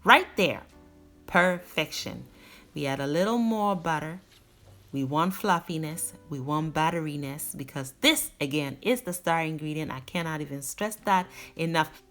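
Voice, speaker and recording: A woman with a notably low-pitched voice walks viewers through a recipe step by step. She talks like a cooking channel host, leaning hard on key words as she explains. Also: normal speed, faint music behind. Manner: warm instructive, emphatic on key words.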